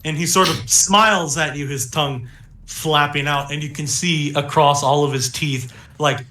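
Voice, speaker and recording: A young man runs a tabletop game in an echoey room, his voice bright and a little high. He narrates slowly and loosely, with fillers and soft chuckles between lines. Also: fairly even intonation. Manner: laid-back narration with frequent fillers and chuckles. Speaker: game master.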